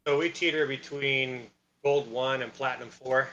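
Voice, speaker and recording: A man's voice: medium pitch, fairly even intonation, moderate pace, bright, forceful tone, muffled recording, a little hiss or hum. A man chatting as a guest on a stream over voice chat, giving short, easygoing replies. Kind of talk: casual chat. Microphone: voice chat over Discord.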